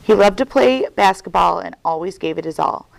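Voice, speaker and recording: A woman's voice: medium pitch, moderate pace, vocal fry, no room sound, poor audio. A woman reading a children's novel aloud as a guest reader, telling it expressively. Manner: expressive storytelling.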